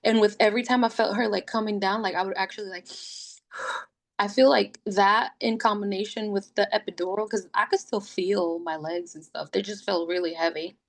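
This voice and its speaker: A woman sits at home telling her story on a podcast. She talks casually and with energy, and her voice sits at a medium pitch. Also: normal speed. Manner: lively, acts out quoted voices. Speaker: podcast guest.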